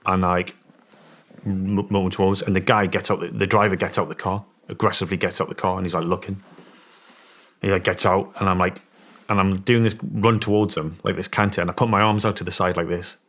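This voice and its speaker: The guest, once a special forces soldier, has a low but fairly bright voice and talks a little fast with a flat delivery. He relates a story conversationally, rambling, restarting repeatedly, and stressing his points hard.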